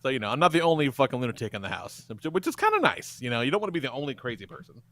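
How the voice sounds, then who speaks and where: Man, 40s, podcast co-host; bright, lively delivery, swears freely, dry close mic. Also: mid-range voice, rapid-fire, dry recording. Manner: profane, animated storytelling. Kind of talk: casual podcast chat.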